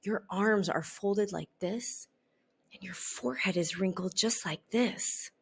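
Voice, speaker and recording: A woman voicing a gentle butterfly teacher who speaks slowly, soothingly and firmly. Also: medium pitch, very animated. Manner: soothing, slow and firm.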